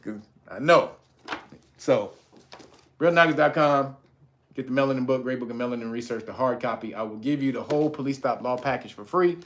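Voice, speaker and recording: A man's voice: mid-range voice, a little fast, a bit bright. A man hosting a livestream, ranting in a blunt, profane and preachy way. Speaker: livestream host. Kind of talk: heated livestream rant.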